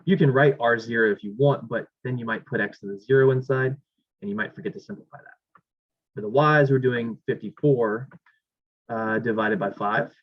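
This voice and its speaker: Heard in a dull, lo-fi classroom recording, a man lectures on math at a normal pace and medium pitch. He talks while writing board problems, thinks aloud and corrects his own errors.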